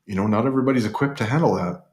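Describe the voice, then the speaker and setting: A man co-hosting a casual sports podcast, talking in a relaxed way with frequent restarts. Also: medium pitch, racing. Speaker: podcast co-host.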